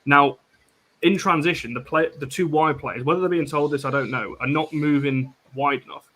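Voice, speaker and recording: A man's voice: on the high side, fairly even intonation, bright, forceful tone. Analytical man in podcast chat. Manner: measured, analytical. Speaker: podcast co-host. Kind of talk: casual chat.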